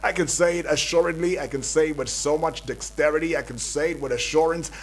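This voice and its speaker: A man's voice: fairly high pitch, steady tone, a little fast. Nigerian male breakfast-radio host, raised voice, hype-man patter, studio mic. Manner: hype-building, repetitive, calls out to listeners. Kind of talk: energetic morning radio patter.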